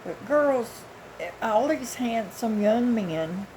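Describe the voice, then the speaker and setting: A woman's voice: a little high, expressive, slow, darkish tone, a little hiss or hum, poor audio. A woman in her sixties from the United States, telling a story in a casual, blunt, folksy way with occasional chuckles. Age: 60s. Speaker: vlogger.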